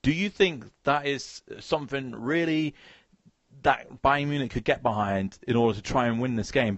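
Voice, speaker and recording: A man's voice: mid-range voice, breathy edge, dry recording, dull audio. A man hosting a casual football chat, stumbling over words and putting questions to his co-host. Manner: halting, restarts words, asks questions. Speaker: podcast host.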